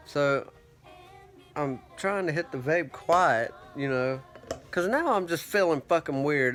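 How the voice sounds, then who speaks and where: A man's voice: on the high side, a bit bright. A man rambling through a profane, self-mocking story in a casual monologue, his throat parched. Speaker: vlogger.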